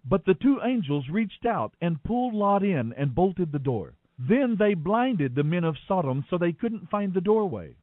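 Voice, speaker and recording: A man giving an expressive, dramatic scripture reading. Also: sits high, normal speed, few pauses, dry recording. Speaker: Bible reader. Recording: tinny phone-like dry sound.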